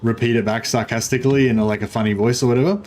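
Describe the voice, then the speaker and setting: A man's voice: mid-range voice, fairly even intonation, very fast, darkish tone, a little hiss or hum. An Australian man streaming a strategy game, chatting casually and rambling with many fillers and restarts. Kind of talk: casual gaming livestream chat.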